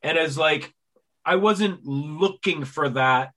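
A man in his forties hosting a podcast, telling long, animated stories full of acted-out quotes in a casual interview chat. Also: a little high, moderate pace. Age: 40s. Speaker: podcast host.

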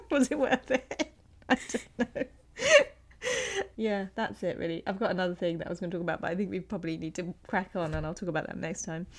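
A woman's voice: fairly low pitch, sing-song, moderate pace, pauses often, fairly bright tone. A woman, co-hosting a podcast in casual chat, telling a long story with frequent laughter. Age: 40s. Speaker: podcast co-host.

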